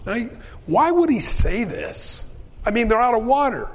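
A man's voice: very high-pitched, big pitch swings, a little slow, long reverb tail. A man preaching a sermon to his congregation, speaking animatedly and acting out the voices he quotes. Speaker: pastor.

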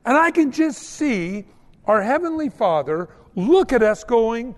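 A man preaching a sermon as a pastor, telling stories in a folksy, animated way. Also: very high voice, a little slow, long reverb tail. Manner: animated, folksy storytelling with mock old-English prayers.

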